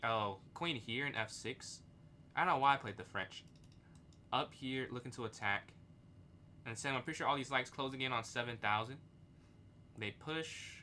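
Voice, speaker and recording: A man's voice: mid-range voice, slight background noise. A young man streaming chess live, thinking aloud about his moves and answering chat. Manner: thinks aloud, reads chat, excitable outbursts.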